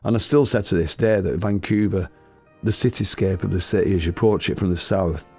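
Gravelly man telling a story. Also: deep voice, a little fast, darkish tone, faint music behind. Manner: swearing, chuckling anecdotal delivery. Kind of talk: comic storytelling monologue.

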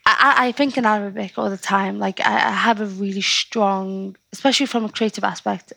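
A woman with a Scouse accent talks in an animated, chatty way, moving quickly from one story to the next. She is a poet speaking as a guest in a relaxed conversation. Her voice sits in an ordinary middle range and is recorded close up in a dry space. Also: medium pitch, gravelly, dry recording. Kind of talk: casual interview conversation.

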